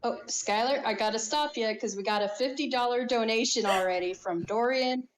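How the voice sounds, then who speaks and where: A woman's voice: fairly high pitch, moderate pace, echoey room. A woman hosting a charity stream, reading donations in bubbly casual chat.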